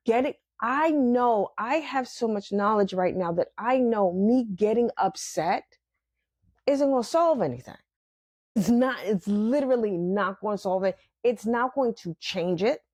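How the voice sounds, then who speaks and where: Woman, podcast host, reflective spiritual monologue, animated, mid-pitched, dry close sound. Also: no room sound. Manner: animated, acts out her inner voices with laughter.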